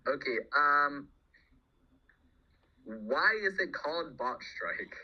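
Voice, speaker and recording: A man's voice: a little high, animated, slow, dull audio. Rambling young man hosting a Q&A. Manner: rambling, self-correcting, laughs often. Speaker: game developer host. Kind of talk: casual developer Q&A.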